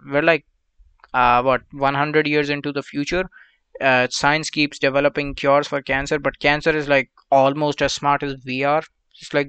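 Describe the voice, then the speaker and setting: Gravelly man rambling crudely on a podcast. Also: a little high, a bit bright, dry recording. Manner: meandering, with frequent fillers and asides. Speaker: podcast host.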